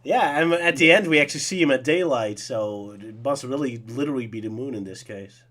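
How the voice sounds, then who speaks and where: A man's voice: mid-range voice, a little fast, fairly bright tone. Laughing, opinionated young man chatting. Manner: laughing often, opinionated and enthusiastic. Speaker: podcast co-host. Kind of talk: casual chat.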